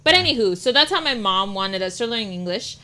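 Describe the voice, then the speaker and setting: A young woman from Mexico who speaks without an accent, trading stories in a relaxed podcast chat. She talks in lively bursts and swears freely. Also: mid-range voice, a little fast. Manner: animated, swears freely, tells long stories.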